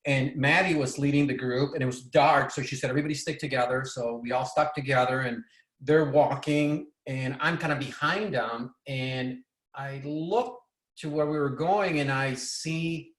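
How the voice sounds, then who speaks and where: A man from Bolivia telling a personal story in an excited, rambling way, often restarting his sentences. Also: medium pitch. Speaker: presenter. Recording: echoey room.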